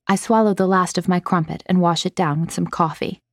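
A woman narrating an audiobook in a measured, precise way. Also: lowish voice, fairly even intonation, no room sound, clean studio sound.

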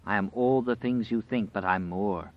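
A man's voice: fairly low pitch, moderate pace, dry recording, lightly acted. A man voicing a menacing, boastful demonic wolf that taunts an old woman in an audiobook. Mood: taunting. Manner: taunting, gloating. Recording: dry, slightly dull recording.

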